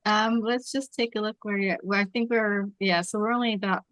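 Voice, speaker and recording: A woman running an online table read, speaking in a steady, mid-pitched voice. The sound is dry and close, with no room echo. She talks in a reassuring, practical way and keeps the group organized. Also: brisk. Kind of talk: casual video call chat. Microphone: video call.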